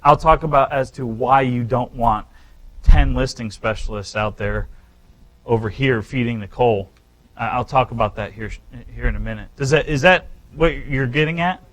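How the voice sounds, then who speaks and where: A man teaching a live real estate seminar, talking straight to the room with animated, emphatic delivery and frequent restarts. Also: mid-range voice, moderate pace, rough recording.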